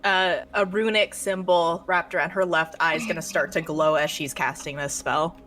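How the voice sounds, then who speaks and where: Lower-voiced woman narrating her character. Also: flat delivery, moderate pace, fairly bright tone. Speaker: player. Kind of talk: tabletop role-play.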